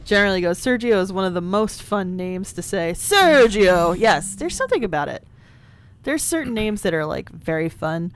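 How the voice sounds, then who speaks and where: A woman's voice: fairly low pitch, animated, brisk. Chatty woman co-hosting a podcast. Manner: chatty and tangent-prone, reads game lines aloud. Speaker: podcast co-host. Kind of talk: casual chat while playing a game.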